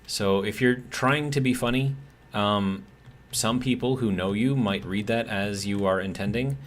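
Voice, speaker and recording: A gaming streamer with a lowish voice tells a long, exasperated story about work while he plays, ranting casually. He speaks unhurriedly and rambles, with lots of fillers.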